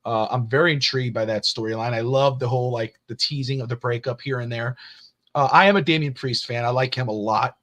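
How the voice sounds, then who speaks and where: Male podcast co-host, mid-pitch, loose rambling delivery with lots of fillers. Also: a little fast, fairly bright tone. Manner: rambling, with many fillers and voiced quotes of family. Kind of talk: casual wrestling podcast chat.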